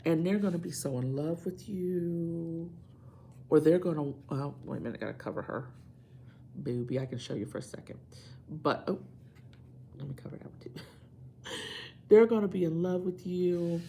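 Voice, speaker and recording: A woman's voice: low-pitched, moderate pace, gravelly, pauses often, dark tone, slight background noise. A woman doing a tarot reading, speaking emphatically and repeating phrases to drive her points home. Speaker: tarot reader.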